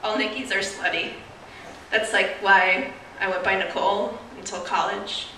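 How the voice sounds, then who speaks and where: A woman's voice: medium pitch, steady tone, moderate pace, sharp tone, a little hiss or hum. A young woman doing a stand-up comedy set, chatty and self-mocking, laughing at her own jokes. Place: small live venue with audience. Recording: roomy, distant mic with faint ambience.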